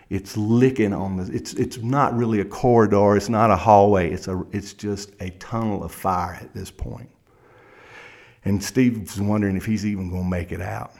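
A man's voice: fairly low pitch, a little mellow. A man with a Kentucky accent, a criminal defense lawyer, telling a courtroom story in a dramatic present tense.

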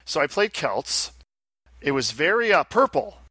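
A man's voice: a little high, very animated, unhurried, sharp tone, breathy edge, no room sound. A man co-hosting a casual podcast, rambling and chatty, often breaking off and restarting his sentences. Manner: rambling, self-interrupting, chatty. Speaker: podcast co-host. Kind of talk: casual chat.

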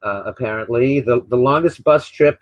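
An older man hosting his own radio show, talking in a rambling, opinionated way, often repeating words and filling pauses with uh and um. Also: mid-range voice, no room sound. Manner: opinionated, sarcastic. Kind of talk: casual solo talk radio monologue. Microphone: desk microphone beside a laptop. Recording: dull, slightly lo-fi dry recording.

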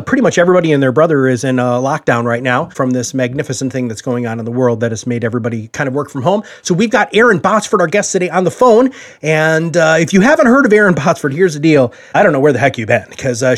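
Fast-talking male podcast host. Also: on the high side. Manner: fast, chatty introductions. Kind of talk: podcast interview.

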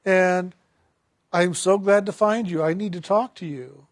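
A man's voice: high voice, a little slow, no room sound, clean studio sound. A man voicing an eager woman in her forties, asking questions in a pleading way as he retells a spiritual story. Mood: excited. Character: eager middle-aged woman seeking purpose.

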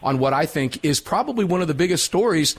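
A man's voice: on the high side, animated, quick pace, breathy edge. A man hosting a talk radio show, reading sponsor spots and questioning a guest in an upbeat, chatty, folksy way.

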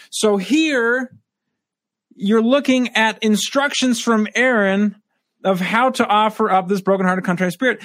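A man's voice: sits high, unhurried, fairly bright tone, no room sound, clean studio sound. A man teaching a scripture lesson, reading verses aloud and then commenting on them.

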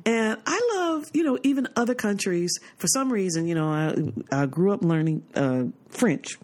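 A woman's voice: mid-range voice, moderate pace. An American woman hosting a podcast in casual chat, telling stories and acting out family members as she goes. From United States. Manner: animated storyteller who acts out family members. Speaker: podcast host.

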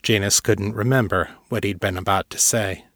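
A man narrating a fantasy audiobook in a steady, measured way. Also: lowish voice, dry recording, clean studio sound. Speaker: narrator and author.

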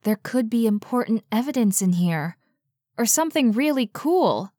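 A woman's voice: fairly high pitch, lively intonation, normal speed, dark tone, no echo, clean studio sound, voice pushed up. A woman voicing a curious, reckless young woman who brushes off danger. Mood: eager. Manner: eager and dismissive of danger.

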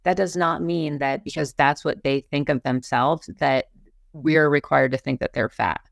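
A woman's voice: deep voice, fairly even intonation, moderate pace, creaky, no echo, clean studio sound. A young adult woman co-hosting a podcast, talking in a heated, rambling way with many fillers and restarts. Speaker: podcast co-host. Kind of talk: casual opinion talk.

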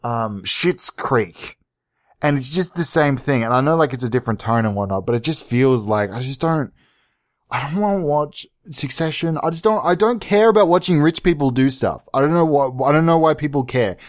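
A man hosting a podcast, ranting sarcastically in a profane, rambling comedic monologue, jumping into high mock-outraged bursts. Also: moderate pace, no room sound, studio quality. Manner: sarcastic, profane, tangent-prone. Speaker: podcast host.

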